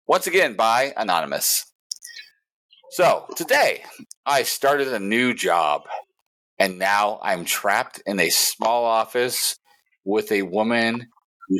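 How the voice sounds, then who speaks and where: A man's voice: lowish voice, fairly bright tone. A man hosting a casual podcast, reading posts aloud and ranting with lots of swearing and laughter. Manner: profane, ranting, laughs often. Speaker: podcast host.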